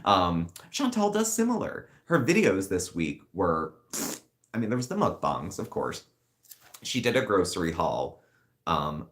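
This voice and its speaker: Male streamer co-host: deep voice, lively delivery, chatty and sarcastic commentary. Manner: chatty and sardonic, with sudden high-pitched mocking asides. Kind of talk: casual live-stream commentary.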